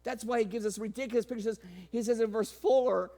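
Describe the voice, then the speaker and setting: A man preaching a sermon in an animated way, laughing often and raising his voice for sarcastic quotes. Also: very high-pitched, brisk, creaky. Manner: animated, laughing, sarcastic asides, quoting in raised voice.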